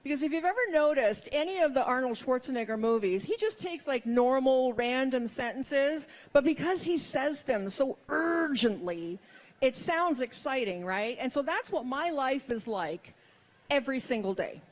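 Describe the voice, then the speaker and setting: A woman's voice: sits high, expressive, normal speed. A middle-aged woman performing a stand-up comedy set, with wry, self-mocking punchlines.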